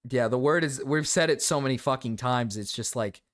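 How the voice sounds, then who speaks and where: A man's voice: medium pitch, fairly quick, dry recording, studio quality. Brief: male streamer, profane sarcastic reaction rant. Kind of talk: reaction commentary.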